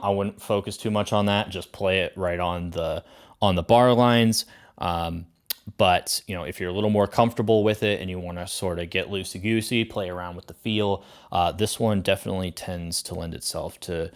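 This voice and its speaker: Man, deep low voice, drum teacher, casual chatty lesson, counts beats aloud. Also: steady tone, normal speed. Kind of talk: casual instructional explanation.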